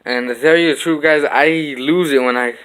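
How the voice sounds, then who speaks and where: A man's voice: fairly high pitch, normal speed, clean tone. Young man telling a fight story with sound effects. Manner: animated storytelling, acting out blows with sound effects. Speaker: vlogger. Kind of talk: casual storytelling vlog. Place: home kitchen.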